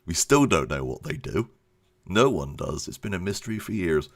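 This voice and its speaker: A man's voice: low voice, sing-song, normal speed. A man giving a casual channel update, rambling and self-deprecating, laughing often. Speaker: YouTube creator.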